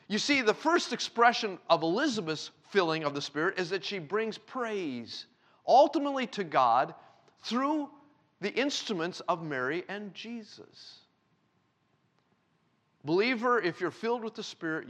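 A man preaching a sermon, a father with a young daughter, reading scripture slowly and loudly and talking in an animated way. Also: sits high. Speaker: pastor.

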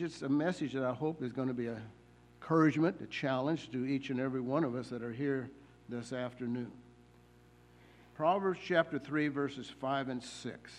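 A man preaching a sermon in church, slowing down to stress the scripture he quotes and often pausing with fillers and repeated words. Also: medium pitch.

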